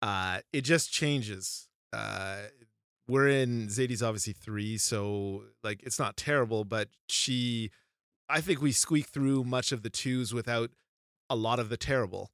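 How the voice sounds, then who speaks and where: A man's voice: mid-range voice, measured pace, smooth, no echo, studio quality. A man in his thirties, a podcast co-host, chatting casually and telling rambling stories about parenting a toddler, acting out the quotes as he goes. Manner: rambling, animated storytelling with acted-out quotes. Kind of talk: casual chat.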